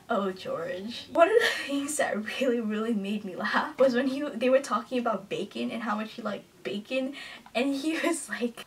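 A young woman in a casual book-review vlog, gushing and giggling, sometimes dropping to a hushed near-whisper. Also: high-pitched, lively intonation, normal speed, distant mic. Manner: gushing and giggly, drops to a hush at times. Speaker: book vlogger.

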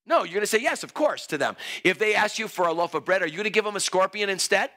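A man preaching an energetic altar call in a church, excitable and playful, exclaiming and joking with the crowd. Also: sits high, fast talker. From Greek heritage. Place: church sanctuary.

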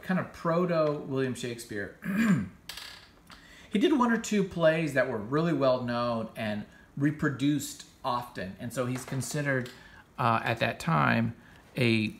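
Gravelly man rambling about comics. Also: medium pitch, fairly bright tone. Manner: rambling, loose, with fillers and self-corrections. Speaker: comics podcast host. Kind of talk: casual commentary retelling a comic.

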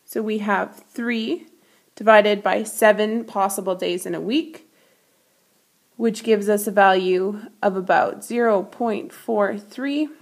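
A woman's voice: mid-range voice, slow pace. A woman teacher reading a children's picture book aloud and explaining math concepts with patient clarity.

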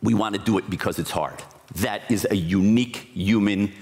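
A man's voice: lowish voice, normal speed, darkish tone. A man giving a conference talk, explaining ideas in a reflective way with occasional restarts. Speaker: conference speaker. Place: conference hall. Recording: hall reverb.

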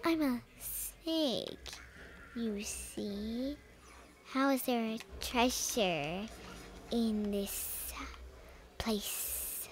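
A young gamer voicing a snake, hushed and hissing, in a game commentary. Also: medium pitch, very slow, long pauses. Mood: sly. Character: snake asking about treasure.

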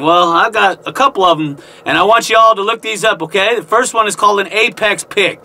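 High, bright-voiced folksy male prospector. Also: brisk, hardly any pauses. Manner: folksy, jokey, with whooping exclamations. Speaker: gold prospector and channel host. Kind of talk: casual show-and-tell vlog. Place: underground in a narrow mine tunnel.

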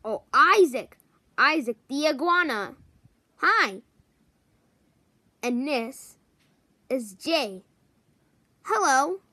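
A woman introducing a row of toys one by one, hesitant and pausing often to search for their names. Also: sits high, expressive, bright, forceful tone, no room sound. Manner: hesitant, many pauses and ums. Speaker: toy show presenter.

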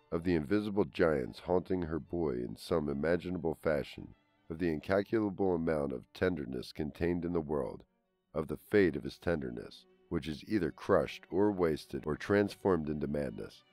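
A man reading a literary short story aloud as an audiobook narrator, in a measured, even storytelling manner. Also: a bass voice, no echo. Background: faint string trio music.

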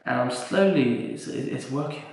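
A man's voice: medium pitch, moderate pace, vocal fry, darkish tone. A young man answering viewers' questions in a casual, joking vlog. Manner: chatty, joking, swears casually. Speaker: vlogger and fitness coach. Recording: very echoey room.

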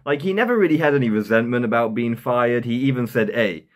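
A man's voice: mid-range voice, fast. A young man giving casual comedic commentary, rambling and chuckling at his own jokes. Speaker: commentary YouTuber.

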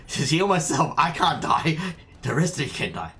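A man's voice: on the high side, big pitch swings, normal speed, sharp tone. A man streaming a game, chatting to himself and his viewers as he plays. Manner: chatty, talks to himself while playing. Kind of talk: live gameplay commentary. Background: faint game music.

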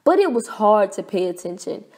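A woman reading a children's picture book aloud in a clear, expressive, deliberate way. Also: medium pitch. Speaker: storybook reader. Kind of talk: children's read-aloud narration.

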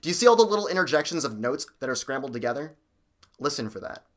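A man hosting a music theory lesson, explaining with an energetic, bouncy delivery. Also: medium pitch, quick pace. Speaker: music theory teacher and host. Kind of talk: upbeat video music lesson.

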